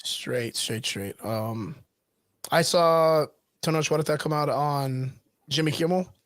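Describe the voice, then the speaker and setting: A man co-hosting a casual livestream chat, talking in an animated way and laughing easily. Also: on the high side, slow pace, no room sound, clean studio sound. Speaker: podcast co-host.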